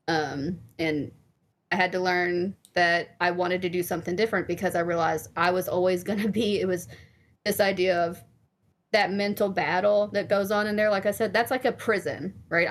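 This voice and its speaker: Picture a woman guest on a laid-back podcast interview, a therapist and life coach. She talks openly and candidly, swears now and then, and leans on plenty of fillers as she explains her ideas. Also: lowish voice. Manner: frank and candid, casual swearing, many fillers.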